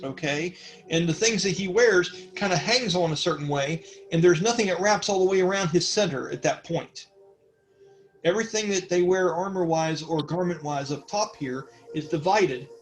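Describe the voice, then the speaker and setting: A man narrating a tabletop game as game master, rambling with many fillers. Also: a little high.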